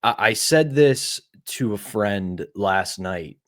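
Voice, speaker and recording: Lowish-voiced man telling hockey stories. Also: slow pace, dry recording, clean studio sound. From Pittsburgh. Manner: storytelling, animated retelling of anecdotes. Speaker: podcast co-host. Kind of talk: casual sports podcast chat.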